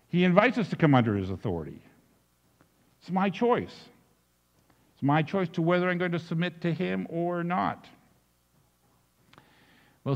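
Male pastor, storytelling sermon delivery, pitch all over the place, slightly muffled recording. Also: in a large hall. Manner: storytelling, animated, with restarts.

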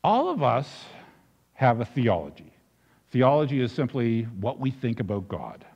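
Male pastor, storytelling sermon delivery, pitch all over the place, slightly muffled recording. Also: a little slow, husky, in a large hall. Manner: storytelling, animated, with restarts.

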